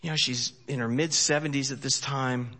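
A man preaching a sermon in a folksy, joking way, swinging from loud emphasis to hushed storytelling. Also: mid-range voice, fairly even intonation, normal speed. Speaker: pastor.

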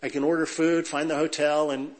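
A man's voice: on the high side, brisk. A middle-aged man from Southern California, a pastor telling jokes and stories to his congregation. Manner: lively storyteller, joking with the audience. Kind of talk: sermon with humorous anecdotes.

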